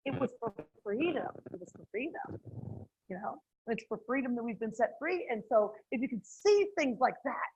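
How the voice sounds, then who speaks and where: Excitable woman leading a faith group on a video call, high voice, muffled dry sound. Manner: effusive, exclaims often, laughs between thoughts. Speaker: group leader.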